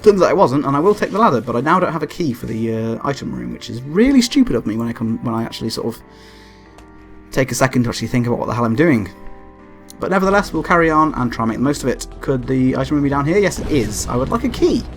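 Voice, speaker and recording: Young male gameplay commentator, very animated pitch, sweary and excitable. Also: fast, faint music behind. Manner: excitable, yelps and shouts at the game when frustrated; swears and laughs often. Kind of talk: let's play commentary.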